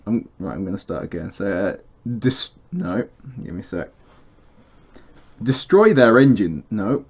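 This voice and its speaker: Young man, Warwickshire accent, husky, lively pitch, casual banter, restarting takes. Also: moderate pace. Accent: Warwickshire English. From Warwickshire, England. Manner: restarts takes, loose and jokey. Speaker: amateur voice actor recording lines. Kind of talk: casual chat between takes.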